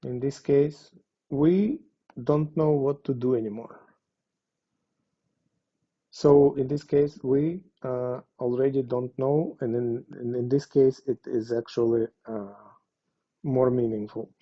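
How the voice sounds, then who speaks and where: A man teaching a language lesson, explaining slowly and deliberately, pausing often with fillers. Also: medium pitch, steady tone. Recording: dull lo-fi sound.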